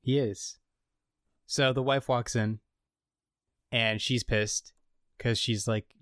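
A man co-hosting a casual podcast, recapping a show and acting out the characters' lines in an animated way. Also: medium pitch, takes it slowly, pauses often, smooth, no room sound, studio quality. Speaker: podcast co-host recapping an episode. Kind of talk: casual chat.

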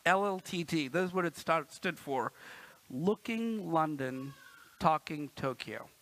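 A man's voice: fairly high pitch, expressive, measured pace, a bit bright, rough recording. A man in his thirties preaching a sermon in a church, chatty and playful, often asking the congregation "right?" and acting out quotes. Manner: playful, acts out quotes with a raised voice. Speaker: pastor.

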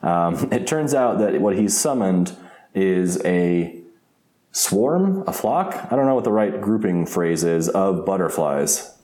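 Deep-voiced man chatting in echoey room. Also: big pitch swings, takes it slowly, dark tone. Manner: rambling, laughs often, many restarts. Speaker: podcast co-host. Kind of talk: casual episode recap chat.

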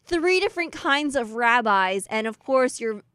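Female podcast co-host, slightly high, smooth and clear, relaxed, dry mic. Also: unhurried, dry recording. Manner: relaxed, laughing, conversational. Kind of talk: casual chat.

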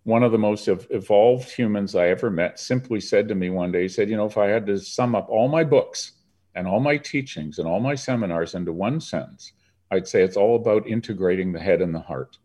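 An older Canadian man with a very low, dark voice appears as an interview guest, telling his story in an earnest, reflective way. He speaks a little fast.

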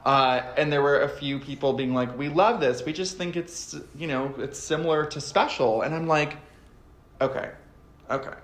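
Animated, swearing man in a roomy space. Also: a little high, normal speed, hardly any pauses. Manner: animated, swears freely, switches into exaggerated quoted voices. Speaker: guest. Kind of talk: casual podcast chat. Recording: roomy echo.

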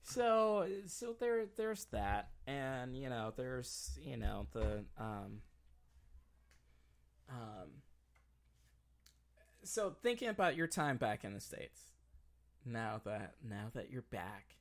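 A man's voice: mid-range voice, sing-song, takes it slowly, pauses often. A man hosting a podcast in casual chat, joking and rambling with lots of trailing fillers. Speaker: podcast host.

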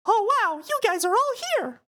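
An excitable cartoon mouse king in a thin, strained falsetto. It leaps far above a normal voice and swings around with energy. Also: normal speed, heavily acted. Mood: excited.

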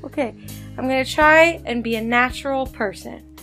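A woman's voice: high-pitched, moderate pace, sharp tone, faint music behind. A woman costume designer guesting on a podcast, chatting in a playful, slightly apologetic way. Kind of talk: casual podcast chat.

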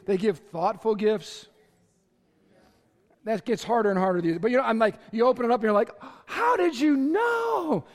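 A male pastor delivers a lively sermon and calls out to the people in front of him. His voice sits very high for a man. It rings through a large hall with a long reverb tail. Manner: lively, storytelling, addressing the congregation directly.

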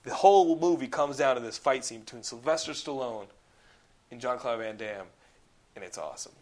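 At a normal speed, a young man hosting a podcast keeps things casual and loose, excitedly sprinkling in swear words and plenty of "like." His voice sits at an everyday middle pitch.

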